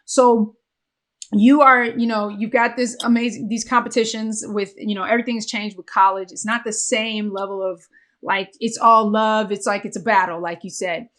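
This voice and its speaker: A woman's voice: medium pitch, fairly even intonation, moderate pace, a bit bright. A woman hosting a sports psychology podcast, chatting casually and gushing with enthusiastic praise between questions. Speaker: podcast host. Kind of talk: casual interview chat.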